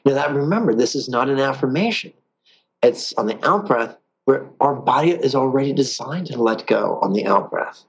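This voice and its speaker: A man teaching a guided meditation lesson, calm and playful, with drawn-out pauses. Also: medium pitch, slightly rough, low-quality recording.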